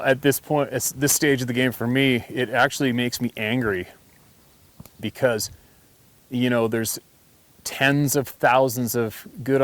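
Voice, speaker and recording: A man hosting a hunting channel, telling a story in a blunt, emphatic, rambling way. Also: fairly low pitch. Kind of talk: casual storytelling to camera.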